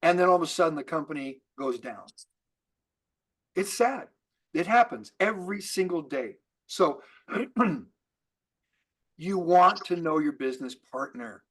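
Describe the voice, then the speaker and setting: A high-voiced man, a network marketing trainer, gives an upbeat motivational business talk, a little slow and pausing often. He fires off rhetorical questions, stumbles and restarts frequently, and repeats key words for emphasis, all with energy.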